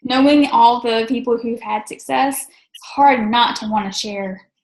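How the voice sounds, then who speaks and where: A woman with a high voice hosts a casual team video call. She is chatty and upbeat, with plenty of fillers. The sound is roomy and echoey. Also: a little slow. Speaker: team coach leading a call.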